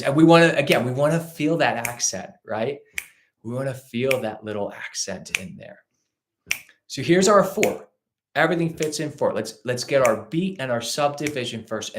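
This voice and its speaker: A man's voice: mid-range voice, animated, moderate pace, a little hiss or hum. A man teaching a ukulele lesson, patiently counting beats and calling out strum directions. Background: ukulele playing.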